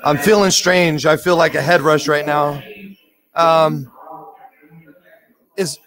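A man with a high-pitched voice leads a spirit box session. He asks the spirits slow, hushed questions and reports the words that come through, and now and then breaks into excited shouts. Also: over music. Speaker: paranormal investigator.

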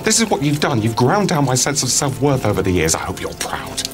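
A lazy, dramatic flatmate, sarcastic and whiny. His voice swoops up and down as he complains. Faint music sits under this TV sitcom clip. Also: medium pitch, brisk. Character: lazy self-pitying man in his thirties. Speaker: actor playing a lazy flatmate.

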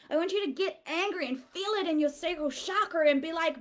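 A woman's voice: very high voice, lively intonation, fairly quick, hardly any pauses. A woman mentor leading a guided release visualization, earnest and coaxing, rising to fervent urging. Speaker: women's empowerment mentor.

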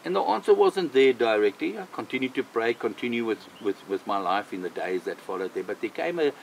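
An older man, a missionary, telling a personal faith testimony in an animated way, repeating phrases for emphasis. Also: mid-range voice, a little fast, creaky, slight background noise, poor audio. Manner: animated, vivid storyteller who repeats himself for emphasis.

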